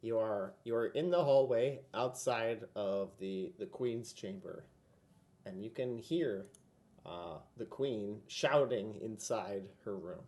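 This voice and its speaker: A man as game master, narrating and calling for rolls in a relaxed, chatty way with many fillers. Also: lowish voice, takes it slowly.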